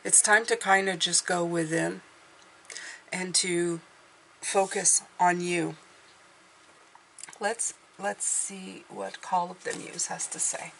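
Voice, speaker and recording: Slow gravelly lady doing a tarot reading, rambling and unsure, faint hiss behind. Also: lowish voice, fairly even intonation, fairly bright tone. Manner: slow, meandering, hesitant, thinking aloud. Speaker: tarot reader.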